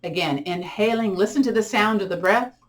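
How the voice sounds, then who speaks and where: A middle-aged woman teaching gentle yoga, guiding breathing and a body-scan meditation in slow, soothing cues with counted breaths. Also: medium pitch, loud music behind the voice. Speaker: yoga and tai chi instructor.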